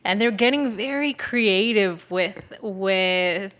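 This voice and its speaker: A young adult woman talks slowly in a medium-pitched, fairly bright voice, with a little hiss or hum in the audio. Hosting a podcast, she chats casually, swears a lot, says "like" constantly, and acts out the voices of family members in her stories.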